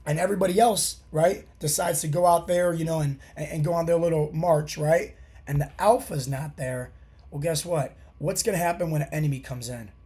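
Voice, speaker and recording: A man in his thirties with a hoarse, scratchy voice from a sore throat, hosting a podcast as a fat loss coach and giving an emphatic, preachy motivational monologue that keeps repeating its key phrases. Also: a little high, a little mellow.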